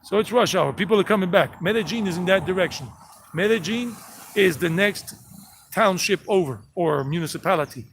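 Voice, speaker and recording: Gravelly Southern American man vlogging. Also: high voice, brisk, a bit bright, a little hiss or hum. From South Carolina and Georgia, USA. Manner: rambling, chatty, greets viewers by name. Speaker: walking-tour vlogger. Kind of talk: live-streamed walking tour narration. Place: outdoors on residential streets with passing traffic.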